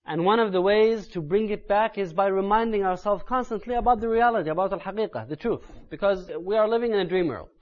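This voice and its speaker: A man delivering an Islamic sermon in an earnest tone that builds to loud, urgent emphasis. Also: sits high, quick pace, few pauses, muffled recording. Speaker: Islamic preacher.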